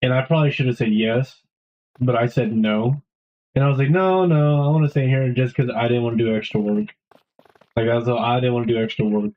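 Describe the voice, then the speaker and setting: A man's voice: mid-range voice, fairly even intonation, brisk, lo-fi sound. A young man streaming a game, rambling casually to his chat and swearing often.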